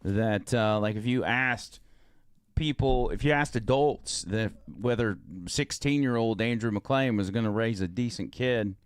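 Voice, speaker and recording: A man's voice: fairly low pitch, unhurried, clean tone, no room sound, studio quality. A man, co-hosting a podcast in casual, rambling chat. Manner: laid-back, rambling with fillers. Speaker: podcast co-host.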